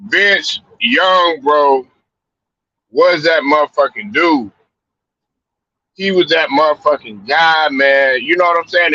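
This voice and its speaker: A man with a raised, bright, cutting voice hosts a loose, profane sports talk show, rambling from story to story. The sound is dry and dull, like low-fi stream audio. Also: no echo. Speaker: podcast host. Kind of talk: casual sports chat.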